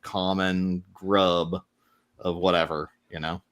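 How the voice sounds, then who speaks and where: A man's voice: low-pitched, level tone, slow, a bit bright. A man running a tabletop game as game master, describing the scene in a rambling way with many fillers.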